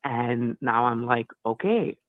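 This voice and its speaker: A man's voice: mid-range voice, expressive, slow pace, no room sound. A man calling in to a show, nervous and stammering as he explains his background. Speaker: caller. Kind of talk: casual call-in chat. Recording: tinny phone line.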